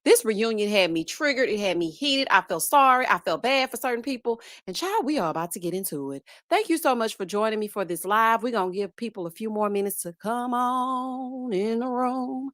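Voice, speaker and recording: A woman hosting a live-streamed reality TV review, lively and chatty, calling out "child" and "honey" as she greets viewers by name. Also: a little high, a little fast, few pauses, no echo, clean studio sound. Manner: sassy, says "child" and "honey". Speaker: host.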